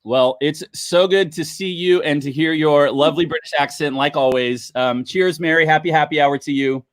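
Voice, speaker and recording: A man's voice: on the high side, moderate pace, no room sound, clean studio sound. A man hosting a casual livestream wine tasting, chatting upbeat with viewers. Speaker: livestream host.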